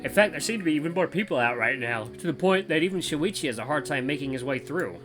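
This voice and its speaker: A man reading a visual novel aloud in a lively, wry way as host of a gaming channel. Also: fairly high pitch, quick pace. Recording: faint guitar music behind.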